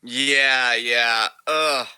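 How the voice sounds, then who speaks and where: A man's voice: medium pitch, fairly even intonation, very slow, bright, forceful tone, clear, resonant tone, low-quality recording. A young man co-hosting a podcast, giving laid-back, opinionated takes in casual chat. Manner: laid-back, opinionated, says dude and brother. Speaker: podcast co-host.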